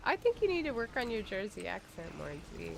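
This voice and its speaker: This woman's mid-range, gravelly voice swings widely in pitch and moves fairly quickly. Co-hosting a podcast, she plays a game on a livestream, giggling and chatting with many fillers. There's a bit of background noise.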